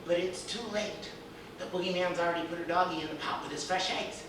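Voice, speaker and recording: A woman's voice: lowish voice, level tone, fast. A woman telling a story playfully, often laughing, recorded far off in a noisy echoey room.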